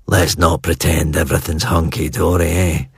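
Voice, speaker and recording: A man voicing a gruff, cold middle-aged family head in an audiobook, speaking in blunt, clipped, disdainful lines. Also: very deep voice, flat delivery, moderate pace, no room sound, clean studio sound, full character voice. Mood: cold, scornful. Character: gruff middle-aged Scottish clan patriarch, cold and contemptuous. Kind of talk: audiobook character voice.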